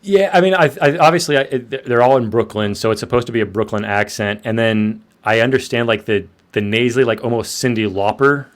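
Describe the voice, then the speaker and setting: A man with a middle-pitched voice talking through a film with friends. He thinks out loud, his voice bouncing up and down as ideas come to him. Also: a little fast, few pauses. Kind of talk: casual movie discussion.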